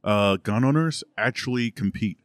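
Laid-back low-voiced man telling stories. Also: normal speed, clear, resonant tone, dry recording. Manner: laid-back storyteller, says "you know" and "like" often. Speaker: podcast guest, competitive shooting coach. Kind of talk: casual chat.

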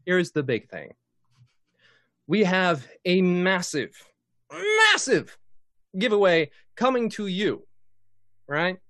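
A man's voice: high-pitched, animated, takes it slowly, long pauses, a bit bright, dry recording, clean studio sound. A man hosting and running a tabletop game stream in a casual, jokey, playful way. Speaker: dungeon master and host. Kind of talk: casual live-stream chat.

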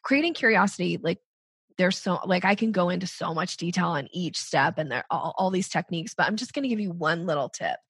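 Upbeat gravelly woman coaching on sales. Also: lowish voice, animated, fairly quick, fairly bright tone, no echo. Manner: naturally upbeat, lilting up at sentence ends. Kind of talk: conversational podcast interview.

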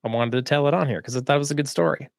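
A man's voice: on the high side, creaky, dry recording. Man, podcast co-host, casual storytelling, laid-back, dry close sound. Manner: laid-back, laughs often, quick bursts with lots of fillers.

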